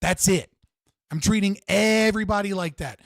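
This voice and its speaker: The clip is studio quality with no room sound: a man with a high voice rants on his live stream at normal speed. The political tirade is heated and profane, and he repeats himself to drive points home.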